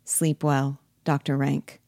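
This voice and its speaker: A woman reading the part of Nora, a lively and anxious young wife in a stage play, quick and coaxing in her speech. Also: extremely low pitch, gravelly, no echo, studio quality, heavily acted. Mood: playful.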